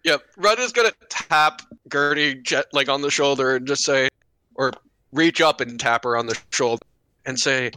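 A man playing a tabletop game, speaking slowly and haltingly with many restarts. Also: mid-range voice, sharp tone, slight background noise. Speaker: player. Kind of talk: casual tabletop game talk.

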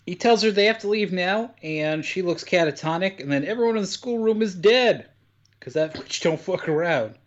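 A man with a slightly high voice chats casually on a podcast, recapping a film scene by scene. He tells it with lively jumps in pitch and a loose, swearing humor. The sound is a bit dull and lo-fi. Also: normal speed. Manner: animated storytelling with sudden pitch jumps, swears freely. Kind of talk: casual chat.

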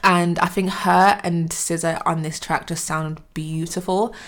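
A woman's voice: fairly low pitch, steady tone, a little slow. A young woman co-hosting a casual music chat, opinionated and frank, swearing casually. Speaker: podcast co-host.

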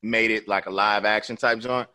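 A man's voice: on the low side, steady tone, moderate pace, pushed and bright, clear, resonant tone. Laid-back man telling a rambling story. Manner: loose, rambling, peppered with "you know what I'm saying". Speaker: podcast host. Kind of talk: casual storytelling chat.

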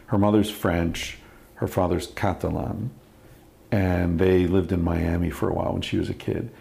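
A man hosting a casual podcast interview, relaxed and blunt, telling stories. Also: deep voice, normal speed, creaky. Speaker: podcast host.

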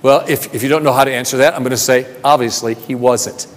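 A man preaching a sermon, asking rhetorical questions and repeating phrases, building from soft talk to emphatic calls. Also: medium pitch, fairly even intonation, fast. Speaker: pastor. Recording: long reverb of a large hall.

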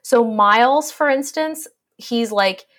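A woman's voice: a little high, takes it slowly, a bit bright. A woman on a podcast casually summarizing a story, irreverent and swearing freely as she jokes along. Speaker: podcast co-host. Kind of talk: casual book discussion chat.

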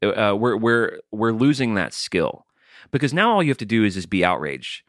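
A man's voice: lowish voice, very animated, normal speed, fairly bright tone, no room sound, studio quality. A man in his forties co-hosting a podcast, reasoning aloud thoughtfully and often restarting his sentences. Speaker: podcast co-host. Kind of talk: casual podcast discussion.

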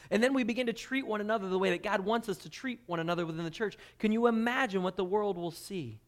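A man preaching a sermon as pastor, swinging between hushed intensity and loud emphasis while reading scripture. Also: sits high. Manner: dynamic preaching, drops to quiet intensity then swells loud.

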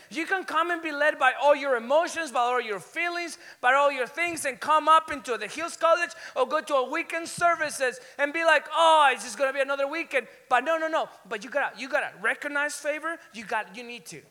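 High, bright-voiced excitable preacher man. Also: brisk, hardly any pauses. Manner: excitable, builds to shouting. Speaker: pastor. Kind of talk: energetic sermon storytelling. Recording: long hall reverb.

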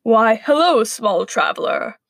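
A woman's voice: on the high side, big pitch swings, measured pace, gravelly, no room sound, clean studio sound, exaggerated voice. A woman voicing a sheepish, pleading male wolf with allergies in a spoken story.

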